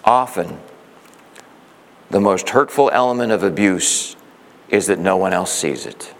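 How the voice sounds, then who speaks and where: A man preaching a sermon, telling a story in a lively way and acting out the quoted voices. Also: low-pitched, a little slow, long pauses, big-room sound. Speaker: pastor.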